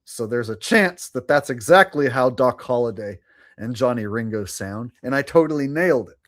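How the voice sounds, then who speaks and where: A man's voice: mid-range voice, expressive, normal speed. A man hosting a livestream, chatting casually with viewers in a rambling way, laughing and swearing now and then. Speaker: livestream host.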